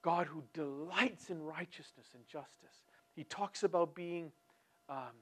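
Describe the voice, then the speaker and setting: A man preaching a sermon, talking with great animation, swinging from hushed tones to loud and repeating words as he builds a point. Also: on the high side, unhurried, soft background music. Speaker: pastor.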